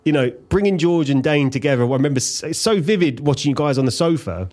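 A man producing a podcast, talking at a live recording in a measured way and praising the host. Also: on the high side, lively intonation, darkish tone.

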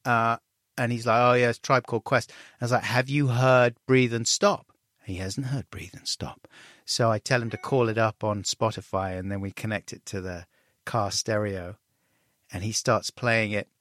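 Middle-aged guest, candid and wry, lively when he quotes people, recorded dry. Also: on the low side, normal speed, no echo. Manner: self-deprecating, animated when acting out dialogue. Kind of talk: candid conversational storytelling.

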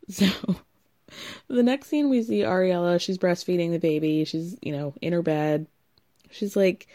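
A woman's voice: on the low side, measured pace, pauses often, warm tone. A young woman recapping a reality TV show in a chatty, sarcastic way, laughing often at the drama. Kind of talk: casual recap commentary.

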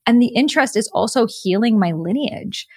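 A woman from the United States, a podcast guest sharing her story in an earnest, animated, spiritual-motivational way. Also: a little high, brisk, slightly rough, no echo, clean studio sound. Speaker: podcast guest, author and coach. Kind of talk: reflective conversational storytelling.

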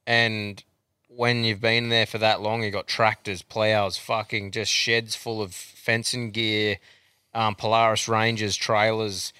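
Crude laid-back Australian bloke, bright crisp voice. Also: male voice, on the low side, level tone, slow, no room sound, studio quality. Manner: swears constantly, laid-back slang. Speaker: podcast co-host. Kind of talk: casual crude banter.

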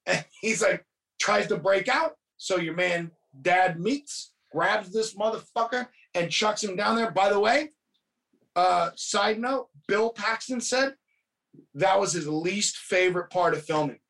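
A man's voice: sits high, a little slow, gravelly, rough recording. A man on a podcast retelling a film plot in casual chat, swearing heavily and telling it with animation. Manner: heavy swearing, animated storytelling.

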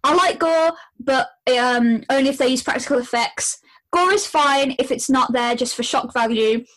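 A woman's voice: sits high, moderate pace, a bit bright, rough recording. A young woman co-hosting a casual podcast, giggly and blunt, reading quiz questions and swearing freely. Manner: reads quiz questions aloud. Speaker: podcast co-host. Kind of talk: casual chat.

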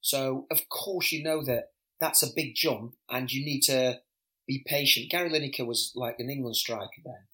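A middle-aged former footballer, a man, telling animated anecdotes in a casual podcast interview, often stammering and repeating words. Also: mid-range voice, normal speed, rough recording.

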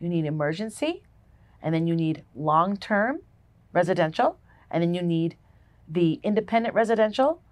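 A woman's voice: fairly low pitch, expressive, moderate pace, dry recording. A woman hosting a faith show, talking casually and emphatically as she opens a Bible study. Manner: warm and chatty, emphatic lists. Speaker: podcast host and ministry founder.

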